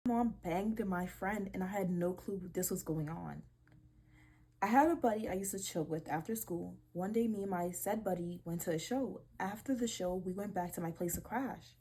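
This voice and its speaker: Husky young woman reacting animatedly. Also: lowish voice, moderate pace. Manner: animated, swears, exclaims in disbelief. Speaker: video creator. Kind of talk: casual reaction vlog reading posts aloud.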